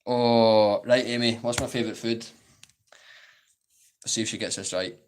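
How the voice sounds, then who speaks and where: A man's voice: medium pitch, steady tone, normal speed, a little hiss or hum. A Scottish man in his twenties chatting casually on a live-stream Q&A, rambling and saying "like" a lot.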